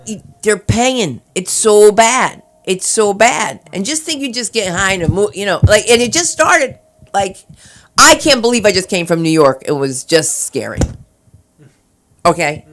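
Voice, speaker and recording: This New Jersey woman, speaking with her home-state accent, performs an open-mic stand-up set in a club, mixing chatty storytelling with loud impressions. She has a medium-pitched voice with lively intonation and a slightly slow delivery.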